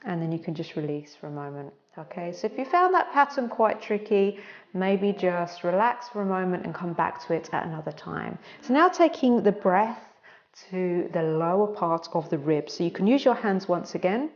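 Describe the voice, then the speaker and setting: A woman yoga instructor giving slow, calm, soothing breathing and stretching cues. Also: on the low side, highs cut off.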